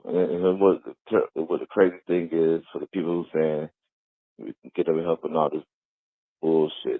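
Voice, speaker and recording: Deep-voiced man ranting down a phone line. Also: breathy edge, dry recording. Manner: profane, rambling, fillers of "you know". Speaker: caller. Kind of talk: call-in rant.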